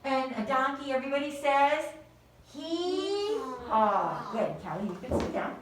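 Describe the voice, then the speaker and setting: A woman teaches a group of small children with a high voice that swings up and down. She prompts them in a gentle, sing-song way and praises each answer. She is picked up from across a very echoey classroom, with faint noise underneath. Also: animated, fairly quick. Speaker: preschool teacher. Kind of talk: leading a children's Christmas lesson. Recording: very echoey room, distant mic.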